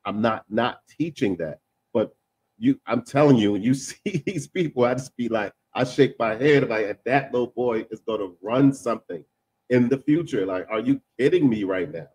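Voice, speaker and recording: Man, casual panel talk, animated, repetitive, laughs mid-sentence, dry close sound. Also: mid-range voice, normal speed, slightly rough, dry recording. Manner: animated, repeats words and trails off into filler sounds; laughs while talking.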